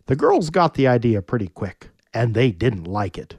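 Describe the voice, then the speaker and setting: A man narrating a myth in a playful, very animated storytelling manner. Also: mid-range voice, normal speed, husky, no echo, lo-fi sound.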